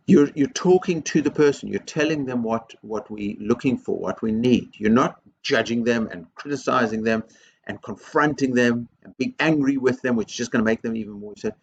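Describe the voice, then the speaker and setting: Male headteacher, earnest assembly address, husky voice, dull lo-fi recording. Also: mid-range voice, fairly quick. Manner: earnest and encouraging, repeats key phrases. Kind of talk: school assembly talk.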